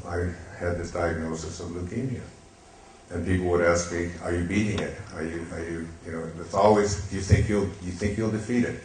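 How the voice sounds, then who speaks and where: An older man telling a story on stage in a gentle, reflective way, pausing with fillers. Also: sits low. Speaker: speaker on stage. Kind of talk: storytelling talk. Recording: echoey hall, faint hiss.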